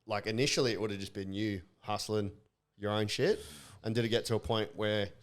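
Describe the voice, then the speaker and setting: Laid-back man, lowish voice. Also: steady tone, brisk. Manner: laid-back, swearing banter. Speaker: podcast co-host. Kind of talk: casual chat.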